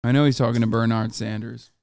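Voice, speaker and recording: A man's voice: mid-range voice, steady tone, fast, vocal fry, darkish tone, dry recording, studio quality. Sarcastic swearing male streamer. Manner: sarcastic, profane, talks to chat. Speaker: streamer host. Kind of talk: casual reaction commentary.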